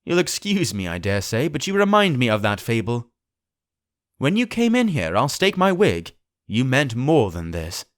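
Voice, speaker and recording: A man voicing a calm, shrewd gentleman doctor who speaks in measured, reasoning tones. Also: lowish voice.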